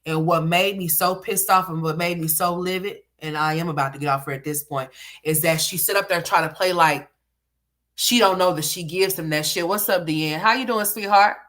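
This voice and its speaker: A woman's voice: sits low, steady tone, moderate pace, fairly bright tone. A woman giving livestream commentary, ranting bluntly with lots of profanity.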